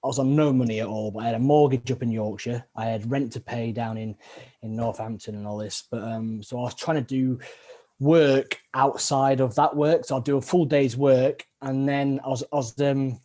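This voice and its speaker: A man in casual chat, his pitch sitting in an ordinary middle range. He talks loosely with banter, acting out scenes from his stories. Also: steady tone, moderate pace, warm tone. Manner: chatty, swears and jokes, acts out scenes. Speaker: podcast host, army veteran.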